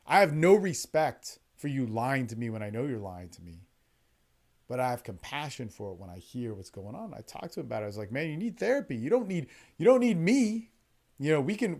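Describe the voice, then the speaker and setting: Blunt, profane man telling stories. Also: mid-range voice. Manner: blunt, profane, animated, quick-talking storyteller with many restarts. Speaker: dating and men's development coach. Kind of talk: casual storytelling monologue. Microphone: online call recording.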